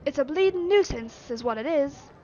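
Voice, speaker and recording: A woman voicing a brusque, grumbling female artificer with a put-on Yorkshire accent, loud and blunt. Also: high voice, lively intonation, normal speed. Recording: slightly dull lo-fi with faint noise.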